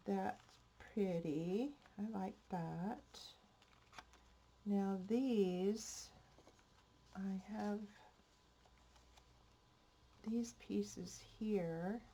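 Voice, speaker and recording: Slow, gravelly-voiced older woman crafting. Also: mid-range voice, a little hiss or hum. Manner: slow, soft-spoken, thinking aloud while working. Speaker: craft channel host. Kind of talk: casual crafting narration. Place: home craft room.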